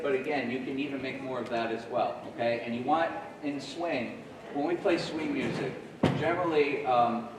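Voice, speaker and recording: A guest jazz clinician in his forties, with a mid-range voice, coaches a middle school jazz band in a friendly way, scatting rhythms aloud as he teaches. The band rehearsal is captured from far off in an echoey room with a noisy background.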